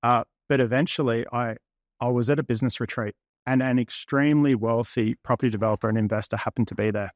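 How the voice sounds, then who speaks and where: A man's voice: medium pitch, steady tone, fast talker, dry recording. A man in his thirties, a property investor, candidly recounting past conversations at length in an interview. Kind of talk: interview storytelling.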